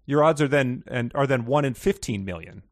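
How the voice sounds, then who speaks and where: A man's voice: medium pitch, moderate pace, dry recording. Wry, rambling man in a dry room. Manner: rambling, wry, laughs often. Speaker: podcast co-host. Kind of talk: casual book discussion.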